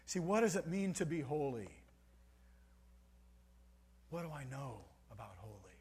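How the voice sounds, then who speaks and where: Slow, husky-voiced male preacher. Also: medium pitch, big pitch swings. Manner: emphatic, swings between soft and loud for stress. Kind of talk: sermon.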